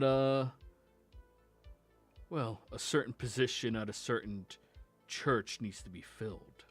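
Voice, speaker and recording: A man voicing a sly, scheming male combat trainer who mocks and bribes in a low, half-whispered tone. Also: no room sound.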